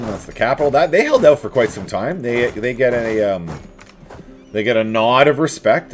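A man casually commentating his own strategy game, chatting to his troops and rivals with playful asides. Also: medium pitch. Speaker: let's play host.

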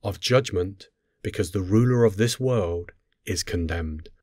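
A man reading scripture aloud in a solemn, measured, unhurried way. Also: low voice, darkish tone, dry recording, studio quality. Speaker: scripture reader.

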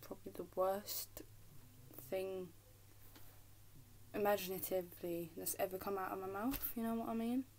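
A woman's voice: mid-range voice, steady tone, normal speed, pauses often, darkish tone, a little hiss or hum. A young woman with an English accent, chatting casually to camera at home, giggling and dropping into whispers. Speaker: vlogger. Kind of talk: casual rambling chat to camera. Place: at home in her room.

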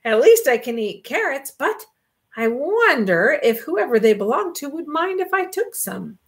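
A woman voicing a kindly, polite old gentleman rabbit in a storybook reading. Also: high-pitched, very animated, measured pace, voice pushed up, full character voice. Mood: hopeful. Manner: polite, mildly fussy, sing-song.

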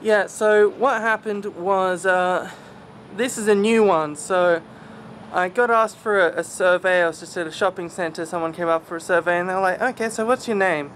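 In this vlog, a young man with a mild Australian accent talks at a moderate pace in a high, somewhat bright, steady voice. He's casual and self-deprecating, full of fillers and trailing asides, with slight background noise.

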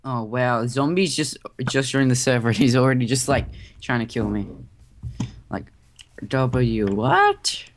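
A man's voice: mid-range voice, measured pace. Teen guy gaming, voice jumps all over, faint hiss behind. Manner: excitable, yelps and shouts mid-fight. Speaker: gamer. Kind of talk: casual gameplay chat.

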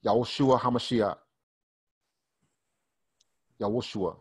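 A man leads an online study group over a video call. His pitch sits in the middle, and his explanations are loose and chatty, full of restarts and repeats. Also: measured pace, pauses often, breathy edge. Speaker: Bible Hebrew teacher. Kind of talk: casual online study session.

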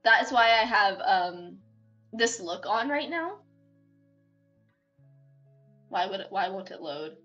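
A bubbly young woman chatting with viewers on her stream, voice at an ordinary middle pitch and full of feeling. She rambles cheerfully and giggles often, with faint music playing behind her. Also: lively intonation, normal speed, a bit bright, dull audio. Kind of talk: casual live-stream chat. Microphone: desktop mic, no webcam.

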